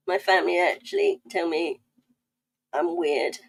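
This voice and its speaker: A woman with a South East London accent hosts an art livestream, casually chatting and playfully reading comments aloud as she draws. She takes it slowly in a fairly low, creaky, slightly rough voice, and the recording is rough.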